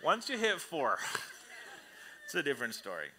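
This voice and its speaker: A man preaching a sermon to his church congregation in an animated, conversational way, often acting out the voices he quotes. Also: fairly high pitch, normal speed, background noise. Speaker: pastor. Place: church service before a congregation.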